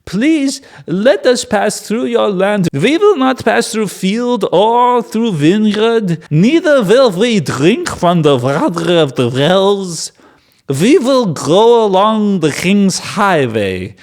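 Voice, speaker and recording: Give me an old Hebrew prophet with a Yiddish accent, as a man puts him on, pleading in a high, slow voice. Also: sing-song, darkish tone, exaggerated voice. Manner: pleading, stately, drawn-out.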